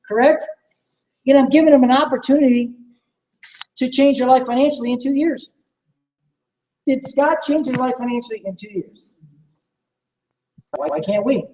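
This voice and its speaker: A man's voice: very high-pitched, dark tone. A man leading a live sales training talk, enthusiastic and persuasive, asking the room questions. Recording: echoey room from far off, faint noise.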